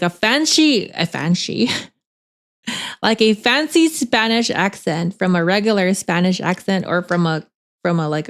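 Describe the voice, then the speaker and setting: A woman streamer in casual chat, rambling and chatty, laughing often with lots of filler words. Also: medium pitch.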